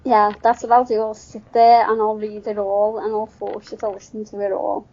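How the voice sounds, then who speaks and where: A woman's voice: medium pitch, level tone, normal speed, darkish tone, slight background noise. A woman co-hosting a podcast, trading dry, sardonic retorts in casual chat. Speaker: podcast co-host. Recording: dull lo-fi podcast audio.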